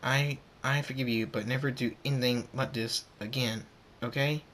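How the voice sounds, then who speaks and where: A man's voice: medium pitch, steady tone, moderate pace, a bit bright, slight background noise, lightly acted. A man voicing a brash, hot-tempered adult pegasus mare in a fan storybook reading, often stammering and emotional. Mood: anxious.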